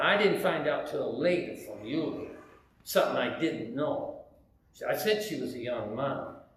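A man telling a story in a sermon, animated, acting out the dialogue he quotes. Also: fairly high pitch. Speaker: preacher. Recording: very echoey room, faint background hum.

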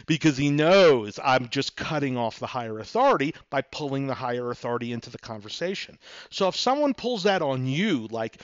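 A man's voice: medium pitch, expressive, normal speed, dry recording, dull audio. A middle-aged man hosting a solo podcast, explaining negotiation tactics and acting out both sides of the dialogues in a conversational way. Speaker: podcast host, real estate attorney.

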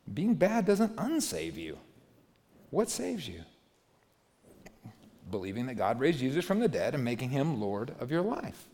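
A man preaching to a young congregation, animated, swinging between loud emphasis and quiet asides. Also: mid-range voice, a little slow, vocal fry. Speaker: youth pastor. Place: church hall. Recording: long hall reverb.

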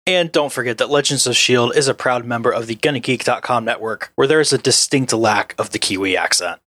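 A man's voice: medium pitch, brisk, a bit bright, no room sound. A man co-hosting a fan podcast with easygoing, dry humor. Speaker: podcast co-host. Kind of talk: casual podcast chat.

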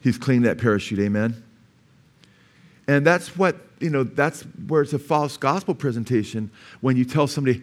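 A man's voice: mid-range voice, normal speed. A man with an American accent preaching a sermon in a church, telling stories in a conversational way and acting out the people in them. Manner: conversational storytelling, acts out quoted voices. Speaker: pastor. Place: church sanctuary.

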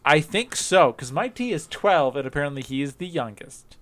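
A man's voice: on the high side, moderate pace. A man in casual chat, rambling through ideas with many fillers and restarts, laughing often. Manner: laughs often, animated when joking.

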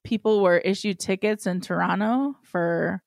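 A woman's voice: medium pitch, a little slow, creaky, a little mellow, dry recording. A woman co-hosting a podcast in casual chat, giving brief, dry, amused replies. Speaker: podcast co-host.

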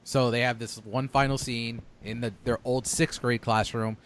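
A man's voice: medium pitch, moderate pace, a little hiss or hum. Earnest young man chatting casually. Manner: earnest, animated retelling. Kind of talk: casual chat.

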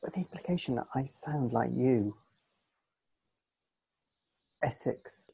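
A man co-hosting a podcast in casual chat, teasing his partner in a dry, deadpan way. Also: medium pitch, moderate pace, gravelly, breathy edge, dry recording. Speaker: podcast co-host and editor.

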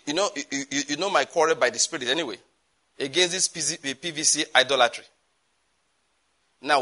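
Emphatic preacher, bright voice. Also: male voice, fairly high pitch. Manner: emphatic, animated preaching with repetitions and asides. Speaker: pastor. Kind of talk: sermon.

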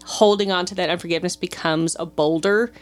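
A woman's voice: on the low side, steady tone, a little fast, faint music behind. A woman guest on a podcast, talking casually and chattily, often trailing off and restarting. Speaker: guest from the ministry.

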